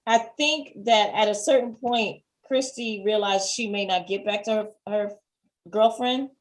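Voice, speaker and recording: A woman co-hosting a casual TV review, chatty and quick to agree, with fast asides. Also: medium pitch. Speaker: podcast co-host.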